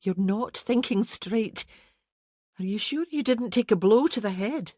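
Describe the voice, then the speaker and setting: A woman reading an audiobook puts on a fierce young Highland woman, her voice pushed high, urgent and emphatic, quick to scold. The read is close and dry, with no room sound. She stays stubborn and sharp-tongued throughout. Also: lively intonation, dry recording. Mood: indignant. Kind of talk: audiobook character voicing.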